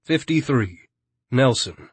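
A man narrating an audiobook in a steady, even storytelling manner. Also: medium pitch, slow pace, slightly rough, dry recording. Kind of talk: scripted narration.

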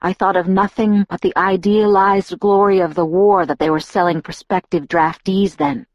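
A woman voicing a formal, gentle young male vampire. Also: mid-range voice, fairly even intonation, normal speed, no room sound, lightly acted. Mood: earnest. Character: old-fashioned earnest young male vampire. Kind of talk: audiobook character voice. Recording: dull lo-fi audiobook recording.

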